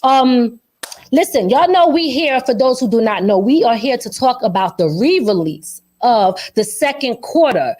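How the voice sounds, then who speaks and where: Upbeat chatty woman host, a bit high. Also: lively intonation, measured pace, a little mellow. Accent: African American English. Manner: upbeat, chatty, loose slang, laughs easily. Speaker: show host. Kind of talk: live online interview show.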